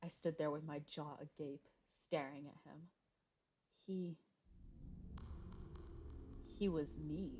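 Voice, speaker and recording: A woman's voice: deep voice, fairly even intonation, moderate pace, few pauses, dark tone, slightly rough. A young woman reading a visual novel aloud on a stream, cutting in with joking, swearing asides, heard over a dull, noisy home mic. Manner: joking, swearing asides between read lines. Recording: dull lo-fi mic with background noise.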